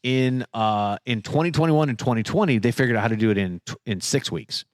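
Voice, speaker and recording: A man's voice: mid-range voice, fairly quick, no echo. Guy cohosting a podcast, jokey banter, dry close mic. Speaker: podcast co-host. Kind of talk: casual chat.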